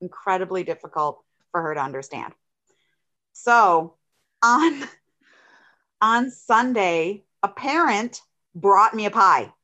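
A woman's voice: medium pitch, animated, slow, long pauses, sharp tone, highs cut off. A woman co-hosting a podcast, telling a rambling personal story in casual chat. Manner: chatty, rambling storyteller with fillers. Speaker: podcast co-host.

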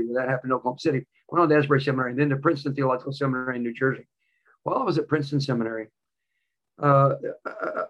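A man's voice: medium pitch, fairly bright tone, highs cut off. A male preacher delivering a sermon with a personal story, emphatic and repeating key phrases.

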